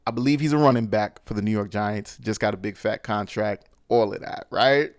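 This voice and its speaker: A man's voice: fairly low pitch, brisk, no echo, clean studio sound. Slangy man recapping a movie. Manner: slangy, rambling with many fillers and restarts. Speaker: podcast host.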